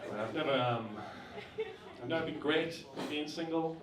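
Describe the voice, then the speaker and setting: Chatty male stand-up, boomy club room. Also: normal speed, heavy reverb, recorded from a distance, low-quality recording. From northern England. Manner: conversational, keeps asking the crowd "right?". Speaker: stand-up comedian. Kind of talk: stand-up comedy set. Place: comedy club stage. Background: audience laughter.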